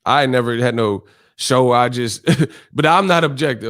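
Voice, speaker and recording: A man's voice: medium pitch, moderate pace, fairly bright tone. Man, boxing stream host, combative casual rant, heavy profanity, mid-range voice. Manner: blunt, combative, heavy cursing.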